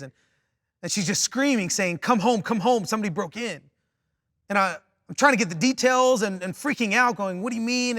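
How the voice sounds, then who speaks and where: A man's voice: high voice, no echo, clean studio sound. A man preaching a sermon, telling stories with wry humor and starting his points with "see.". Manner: animated storytelling, opens points with "see"; wry, self-mocking humor. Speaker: pastor.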